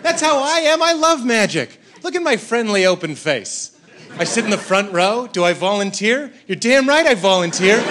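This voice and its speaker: A male stand-up comedian performing a set on a club stage, animated, acting out voices and shouting punchlines. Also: high voice. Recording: live club recording with crowd laughter and noise. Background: audience laughing.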